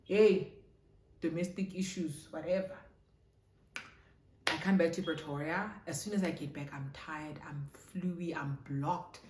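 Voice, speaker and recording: A lively young South African woman chats through a story, switching between English and isiZulu. Her voice sits on the low side. The room around her adds a noticeable echo. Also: measured pace, a little hiss or hum. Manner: animated, mixes English and isiZulu. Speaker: vlogger. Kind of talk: storytime chat. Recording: roomy echo.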